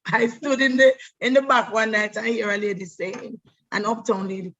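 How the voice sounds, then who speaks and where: A middle-aged woman with a fairly high voice recounts her stage career in a lively, storytelling way. She restarts and repeats her words as she goes. The recording sounds dull and lo-fi. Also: normal speed. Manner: animated, repeats words, breaks into voices and laughter. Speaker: stage actress. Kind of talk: personal storytelling monologue.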